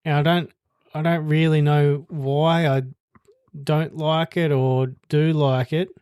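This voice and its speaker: A man co-hosting a podcast in casual chat, relaxed and a little hesitant, laughing easily. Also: a little high, takes it slowly, smooth, no room sound, studio quality. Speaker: podcast co-host.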